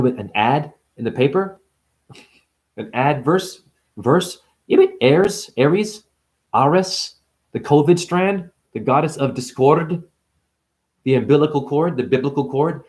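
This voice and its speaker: A man rambling through a spiritual vlog monologue, punning in rapid free association, swearing and laughing as he preaches. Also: medium pitch, darkish tone. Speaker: spiritual vlogger.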